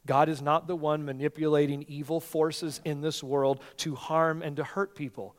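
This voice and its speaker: A male pastor preaching a sermon with passion, swinging from near-shouting peaks to soft, earnest tones. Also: a little high, flat delivery, normal speed. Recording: long reverb of a large hall.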